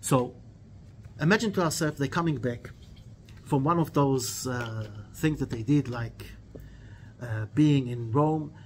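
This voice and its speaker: A man teaching a weekly religious lesson, telling stories in an animated way with quoted dialogue, earnest, and repeating key phrases. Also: mid-range voice, a little slow, long pauses, slight background noise. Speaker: Torah teacher.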